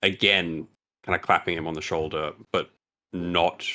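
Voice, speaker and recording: Low-voiced man narrating his tabletop character. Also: steady tone, measured pace, pushed and bright. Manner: hesitant, many hedging fillers. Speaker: player.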